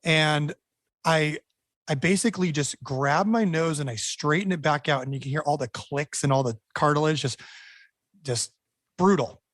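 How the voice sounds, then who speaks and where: A man, a band member, telling a rowdy story in a casual, animated way, often restarting and repeating words. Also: a little high, moderate pace, no room sound, clean studio sound.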